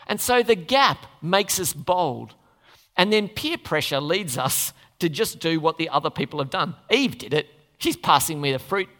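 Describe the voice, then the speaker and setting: A preacher delivering a sermon in an expressive way, acting out the characters of the scripture story. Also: medium pitch. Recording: long reverb of a large hall.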